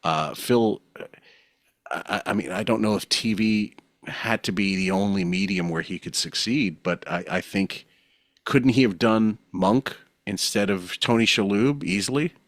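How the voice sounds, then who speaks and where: A man's voice: lowish voice, measured pace, no room sound, clean studio sound. A man hosting a podcast, talking in a wry, opinionated way and laughing often as he comments. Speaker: podcast host.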